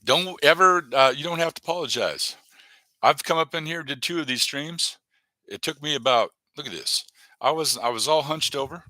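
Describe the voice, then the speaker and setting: A man's voice: on the high side, moderate pace, sharp tone, dry recording. A man hosting a live stream, rambling and joking casually as he talks to viewers in the chat by name. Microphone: desk webcam setup.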